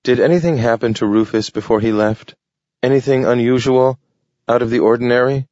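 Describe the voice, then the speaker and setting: A man voicing an aging, shrewd male dog with a gruff manner that turns quiet and stern. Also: mid-range voice, steady tone, brisk, no room sound, muffled recording, pitched above the performer's own voice, lightly acted. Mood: questioning.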